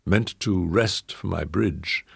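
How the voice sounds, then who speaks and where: A man voicing an evasive English gentleman host who talks in a flustered, clipped rush. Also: deep voice, slow pace, creaky, breathy edge, full character voice.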